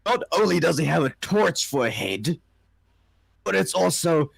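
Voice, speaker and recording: A man's voice: a little high, gravelly, breathy edge, no room sound. A man co-hosting a livestream, chatting casually while reading a comic and laughing often. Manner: slow, animated, frequent laughter. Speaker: livestream co-host.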